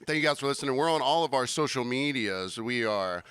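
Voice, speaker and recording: Bright-voiced joking male podcast host. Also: medium pitch, expressive, a little fast, clear, resonant tone. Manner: joking, teasing banter. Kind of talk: casual bar podcast chat. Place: small home bar.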